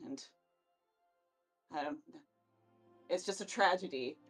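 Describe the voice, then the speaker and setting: A woman's voice: fairly low pitch, slow pace, slightly rough, soft background music. A woman voicing an awkward young male wizard mourner who talks in a rambling, unsure way.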